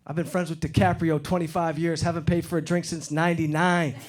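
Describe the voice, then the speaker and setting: A middle-aged man from Detroit doing a stand-up comedy set on stage, getting loud and animated when he acts out other people. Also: a little high, brisk, very noisy. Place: comedy stage before a live audience. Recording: live show with loud crowd laughter. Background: crowd laughing.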